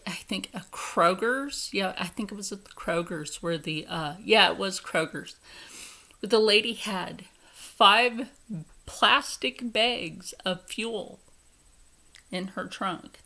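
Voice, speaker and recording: A woman's voice: medium pitch, bright, forceful tone. A young woman with a Philadelphia accent ranting to camera, profane, indignant and emphatic. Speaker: vlogger. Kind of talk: angry rant to camera.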